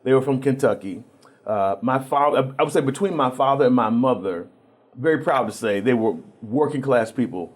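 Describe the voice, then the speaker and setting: A man telling stories on a TV interview show. He speaks at a middle pitch and brings the people he quotes to life as he goes. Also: moderate pace. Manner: relaxed storyteller acting out quoted voices, with frequent restarts. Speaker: guest. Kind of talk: storytelling in a TV interview.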